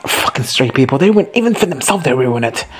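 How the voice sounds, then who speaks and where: A man casually recapping a TV episode, rambling, swearing and excitable. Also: medium pitch, quick pace, slightly rough. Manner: rambling, profane and excitable, often laughing. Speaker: video host reacting to a TV show.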